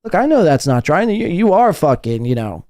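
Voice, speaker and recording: Animated, profane man ranting. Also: a little high, moderate pace, no room sound, clean studio sound. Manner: heated, mocking, profane rant. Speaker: podcast host. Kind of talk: ranting commentary on a podcast.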